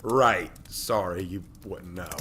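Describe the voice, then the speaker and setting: A man's voice: low-pitched, slow pace, pushed and bright, a little hiss or hum, heavily acted. A man voicing an earnest young human man who speaks plainly and gets stiff when insulted.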